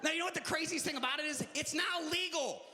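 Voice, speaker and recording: A man doing live stand-up comedy, telling stories in a high, bright and lively voice. He jumps into loud character voices along the way. The long reverb of the hall carries behind him. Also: quick pace, a little hiss or hum. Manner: animated storytelling, jumping into shouted character voices. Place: live venue with audience.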